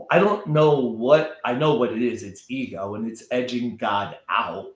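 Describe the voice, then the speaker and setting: A man's voice: mid-range voice, normal speed, few pauses, reverberant. A man talking as a guest in a casual chat, emphatic and often repeating words as he builds up a point.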